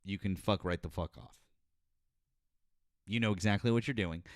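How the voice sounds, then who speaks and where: A man hosting a live call-in politics show, arguing hard with a caller, shouting and cursing, then dropping into low muttered asides. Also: moderate pace, no room sound, clean studio sound. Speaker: host. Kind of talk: heated call-in debate.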